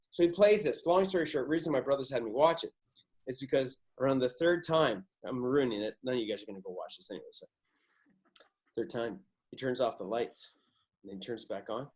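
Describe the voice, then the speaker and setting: A man hosting a podcast, telling stories in a casual, excitable way and swearing freely. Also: medium pitch, fairly quick. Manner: excitable, swears a lot, animated. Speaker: podcast host. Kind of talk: casual chat, storytelling.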